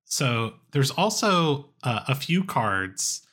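A man hosting a podcast, asking questions in a halting way with many fillers. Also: medium pitch, very animated, a bit bright. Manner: halting, searching for words. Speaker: podcast host. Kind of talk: casual podcast interview.

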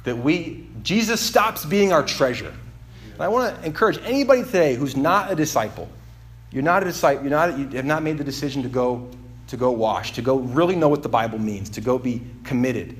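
A man's voice: medium pitch, expressive, brisk. A male pastor giving a casual, confessional sermon, self-deprecating and rambling, with lots of fillers and restarts. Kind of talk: conversational sermon.

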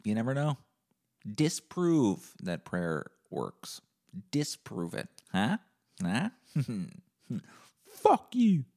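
A man hosting a solo podcast and rambling in a deadpan comic way, with plenty of swearing. His voice sits fairly low with a rough, gravelly fry running through it. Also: slow pace. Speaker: podcast host. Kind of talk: casual solo monologue.

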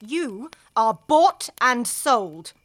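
An actress with an English accent playing a proud, indignant young wife in a radio drama. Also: female voice, a little high, sing-song, fairly quick, a bit bright, no echo. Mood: scornful. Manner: scornful, indignant.

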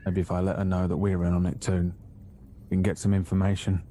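Deep casual man playing a tabletop game. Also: completely flat delivery, fast, mellow, slight background noise. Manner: casual, hesitant, plain-spoken. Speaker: player. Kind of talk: in-character tabletop role-play.

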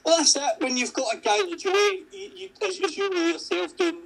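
Earnest man with a gravelly voice. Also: very high-pitched, animated, fairly quick, fairly bright tone, slight background noise, low-quality recording. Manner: earnest, frequently repeats words while restarting. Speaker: podcast guest. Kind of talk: casual interview chat.

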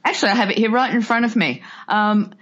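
A woman's voice: mid-range voice, fast talker, fairly bright tone. A woman guest on a podcast, chatting about an old film in a chatty, enthusiastic way. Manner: chatty and enthusiastic, breaks into funny impressions. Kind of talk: casual film discussion. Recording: dull lo-fi recording.

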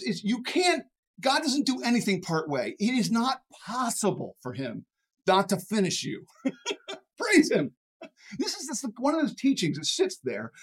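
Brief: energetic preacher, voice leaping up and down, chuckles between points, trips over restarts. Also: mid-range voice. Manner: animated, stumbling restarts and repeated words; chuckles often while preaching. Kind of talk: sermon.

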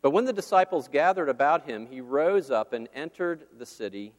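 A man's voice: on the high side, expressive. Man preaching in a reverberant hall. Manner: earnest, measured Bible reading and prayer. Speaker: campus minister. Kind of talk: sermon.

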